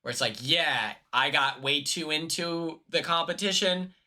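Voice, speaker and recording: A man's voice: on the high side, fairly even intonation, a little slow, sharp tone. A man streamer reacting to a clip in casual chat, hesitant and repeating words as he thinks aloud.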